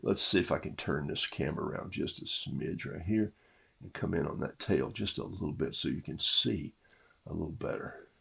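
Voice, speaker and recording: With an extremely low, creaky, slightly bright voice and a moderate pace, a middle-aged man paints live for viewers. He's chatty and self-amused, narrating every stroke, and he has a cough today.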